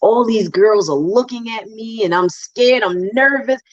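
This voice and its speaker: A woman from New Jersey telling her story as a guest, animated and acting out voices. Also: fairly high pitch, unhurried, dry recording, lo-fi sound. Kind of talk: storytelling interview.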